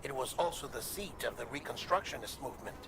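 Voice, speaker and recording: A man voicing a calm commanding official. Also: mid-range voice, noisy background, lightly acted. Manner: measured, formal and persuasive. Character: middle-aged male official, calm and commanding. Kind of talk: video game cutscene dialogue.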